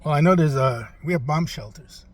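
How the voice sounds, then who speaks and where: A man playing a rambling, forgetful elderly president in a comic interview, halting and trailing off with lots of "uh". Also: fairly high pitch, close to an everyday voice.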